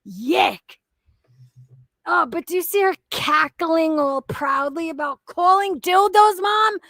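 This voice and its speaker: A woman's voice: very high voice, lively intonation, slow, fairly bright tone, no echo. A young woman hosting a reaction commentary video, ranting in a profane, exasperated and mocking way. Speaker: commentary channel host.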